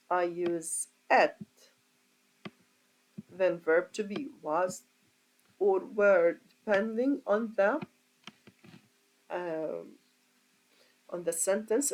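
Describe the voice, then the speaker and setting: A woman's voice: lowish voice, a little mellow, a little hiss or hum, rough recording. A woman teaching a grammar lesson as an English teacher, explaining step by step and asking her class rhetorical questions. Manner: slow, deliberate, asks rhetorical questions.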